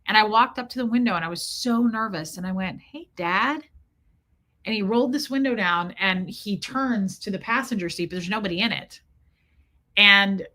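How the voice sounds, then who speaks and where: A woman's voice: mid-range voice, bright, forceful tone. A woman from Kansas City, podcast host, telling a personal story candidly and emotionally with lots of "like" fillers. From Kansas City, USA.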